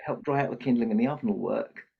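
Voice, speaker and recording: A man's voice: medium pitch, fast, vocal fry, husky. An older man who works as Santa, telling a children's story in a podcast interview and acting out the characters' lines. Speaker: podcast guest, Santa performer. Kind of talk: storytelling in conversation. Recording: muffled lo-fi podcast audio.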